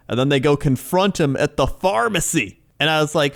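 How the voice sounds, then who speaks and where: Animated man telling a story on a podcast. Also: fairly high pitch, moderate pace, vocal fry. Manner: animated storytelling, mimics voices, laughs often. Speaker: podcast co-host. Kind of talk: casual chat.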